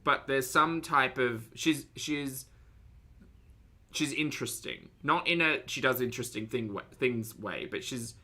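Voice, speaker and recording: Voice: medium pitch, a little slow, pushed and bright. A streamer giving blunt, sarcastic live commentary to chat and swearing freely. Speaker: streamer reacting to videos.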